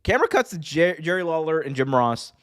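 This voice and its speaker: With a fairly high, fairly quick voice, a man hosting a wrestling podcast gets excited and laughs in casual conversation. He stumbles over restarts and shouts commentators' signature lines.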